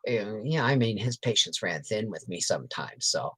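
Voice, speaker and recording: A woman's voice: very deep voice, very animated, normal speed, fairly bright tone, slightly rough. A woman telling rambling, frank family stories on a casual livestream, greeting viewers and reading their comments between tales. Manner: rambling and frank, peppered with swears and laughter. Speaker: homestead channel host on a livestream.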